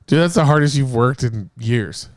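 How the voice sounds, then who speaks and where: A man hosting a casual podcast in a hotel room after a day of drinking, telling stories with loud swearing and laughs. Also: mid-range voice, animated, moderate pace, no echo, studio quality. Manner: rowdy, swearing, laughing storyteller. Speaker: podcast host. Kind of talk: casual drunk podcast banter.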